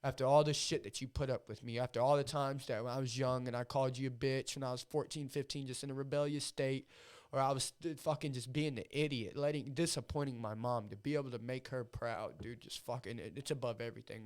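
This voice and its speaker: Brief: male fighter guest, mid-pitched, talks with swearing and raw emotion in a relaxed podcast chat. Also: a little fast. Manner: emotional, heavily profane storytelling.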